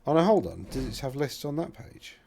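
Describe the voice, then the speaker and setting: A man's voice: mid-range voice, very animated, brisk, creaky, noisy background. A man hosting a casual commentary, rambling and thinking aloud with self-deprecating asides as he browses results. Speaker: host.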